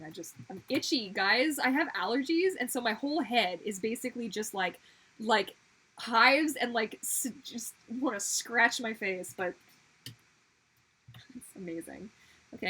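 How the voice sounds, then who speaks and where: A woman's voice: medium pitch, fairly bright tone, slightly rough, poor audio. A woman chatting casually to viewers while drawing on a livestream, chatty and exclamatory. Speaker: livestreaming artist.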